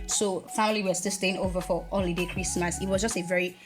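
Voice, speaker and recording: A young adult woman, a podcast guest, telling a candid personal faith story in an earnest, animated way with bursts of laughter. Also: fairly low pitch, fast talker, music in the background.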